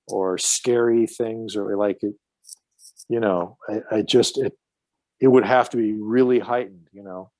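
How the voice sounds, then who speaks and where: A man's voice: lowish voice, a little mellow, no room sound. A man telling stories as a podcast guest in casual chat, profane and rambling with many restarts.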